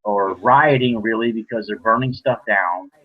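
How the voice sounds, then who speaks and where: A man's voice: fairly low pitch, moderate pace, narrow, tinny audio. A man hosting an online voice chat, talking earnestly and steering the talk back on topic. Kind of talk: casual discussion.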